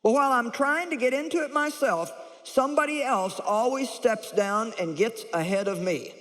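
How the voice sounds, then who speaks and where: A woman's voice: fairly high pitch, normal speed, a bit bright, in a large hall, lightly acted. A woman preacher voicing a self-pitying crippled man who whines that nobody helps him. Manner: whiny, sorry for himself.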